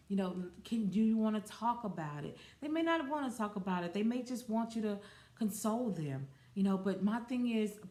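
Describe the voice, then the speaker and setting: A woman's voice: mid-range voice, darkish tone. A woman in her forties hosting a podcast, talking casually and rambling with fillers and self-corrections. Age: 40s. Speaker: podcast host. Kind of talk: casual solo podcast talk. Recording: roomy echo.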